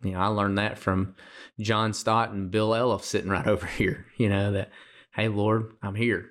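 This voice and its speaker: A man's voice: fairly low pitch, little pitch movement, moderate pace, fairly bright tone. A man co-hosting a faith podcast, talking earnestly in a preaching style and often repeating words as he starts a thought. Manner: emotional, gets choked up. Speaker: podcast co-host.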